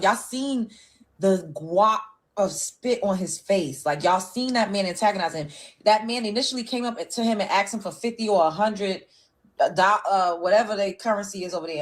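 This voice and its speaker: A woman's voice: mid-range voice, fairly quick. A woman host giving casual commentary, chatty and retelling events with quoted voices.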